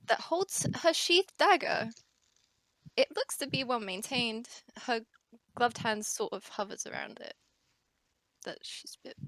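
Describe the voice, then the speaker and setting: A woman's voice: fairly high pitch, pushed and bright, dry recording. A woman describing her character in a tabletop game, careful over small details. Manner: descriptive, fussy about detail. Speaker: player.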